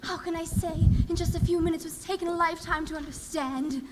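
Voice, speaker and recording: A woman's voice: very high voice, fairly even intonation, fairly quick, heavy background noise. A woman playing a vain, flighty young fiancée in a school stage musical, dramatic and affected. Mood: gushing farewell. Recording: long hall reverb with faint music.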